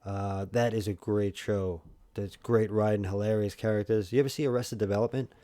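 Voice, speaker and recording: A man's voice: lowish voice, steady tone, a little fast, mellow, dry recording. A man with a New York accent, chatting casually to his viewers while streaming a game, rambling with lots of fillers and restarts. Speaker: livestream host. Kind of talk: casual livestream chat.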